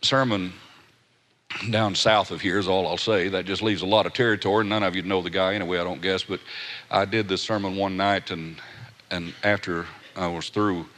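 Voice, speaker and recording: A man's voice: low voice, fairly even intonation, moderate pace, a bit bright, a little hiss or hum. A man preaching a sermon in a folksy storytelling manner, with asides and rhetorical questions. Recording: echoey hall.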